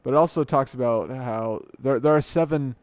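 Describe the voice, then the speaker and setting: Here the same young podcaster talks at a normal pace, his middle-pitched voice smooth and a little mellow. Off-script and alone, he drifts off topic, corrects himself, and jokes about himself. The sound from his desk mic is close and echo-free, recorded at night in a dimly lit room at home.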